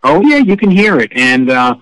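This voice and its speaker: Animated, salty-tongued middle-aged man. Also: a little high, moderate pace, no room sound, rough recording. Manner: animated, profane, snarky anecdotes. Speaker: rock journalist guest. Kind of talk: casual interview storytelling.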